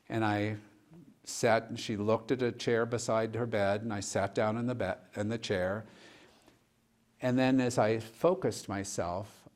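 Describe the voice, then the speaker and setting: A man, a pastor, telling a personal story in a relaxed conversational way during a discussion, often retelling dialogue. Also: lowish voice. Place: church.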